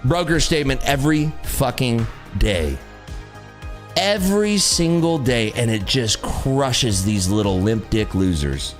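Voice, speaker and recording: A man's voice: mid-range voice, animated, unhurried, faint music behind. A man hosting a trading livestream, ranting in a brash, profane, taunting way. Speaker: livestream host and day trader. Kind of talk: casual livestream rant.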